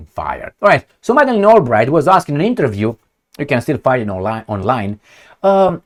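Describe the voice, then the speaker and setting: A man giving a sarcastic, profane political rant from indoors at home. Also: mid-range voice. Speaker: political commentator. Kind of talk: ranting political commentary.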